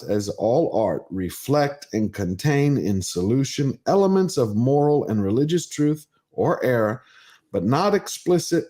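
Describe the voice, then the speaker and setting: A man's voice: mid-range voice, warm tone. Male stream host, reads quotes, argues emphatically. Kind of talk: live stream commentary.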